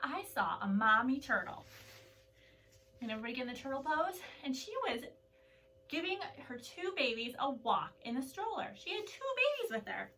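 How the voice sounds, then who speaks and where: A young woman teaching a kids' yoga class, playful and animated, telling stories between poses. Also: high voice, normal speed, slight background noise. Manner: animated, playful, drops to soft calm voice for mantras. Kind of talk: children's yoga class with storytelling. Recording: voice from a distance off the mic.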